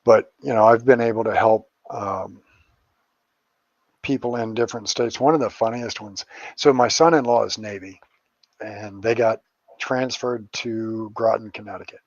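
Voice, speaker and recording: A man's voice: on the low side, steady tone, normal speed, dry recording, highs cut off. Rambling middle-aged man telling crude stories. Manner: rambling, crude jokes and swearing. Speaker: psychic medium and paranormal investigator guest. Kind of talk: casual interview storytelling.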